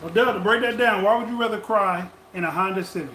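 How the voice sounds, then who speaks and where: A high-voiced man co-hosts a live podcast stream, calling out viewers' comments and hyping up the audience. His voice bounces around an echoey room with faint ambience. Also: fast, bright, forceful tone, slight background noise. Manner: hypes up listeners, reads out comments. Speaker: podcast co-host. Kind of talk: casual live-stream chat.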